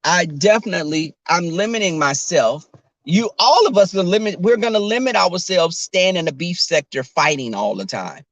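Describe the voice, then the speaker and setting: Sassy high-voiced man chatting on a livestream. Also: expressive, normal speed, fairly bright tone, no room sound. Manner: chatty, sassy, talks straight to viewers. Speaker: YouTuber. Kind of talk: casual livestream chat. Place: in a car while driving.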